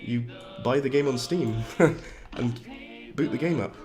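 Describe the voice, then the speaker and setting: A man with a slightly hoarse voice, chatting casually while livestreaming a game, reading chat aloud and laughing often. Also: mid-range voice, takes it slowly, darkish tone, faint music behind. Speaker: livestreaming gamer. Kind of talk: casual live-stream commentary.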